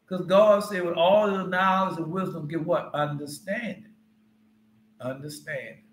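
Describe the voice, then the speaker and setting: Bright-voiced man preaching in echoey room. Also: high-pitched, moderate pace. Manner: loose, conversational, quizzes listeners. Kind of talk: informal Bible teaching.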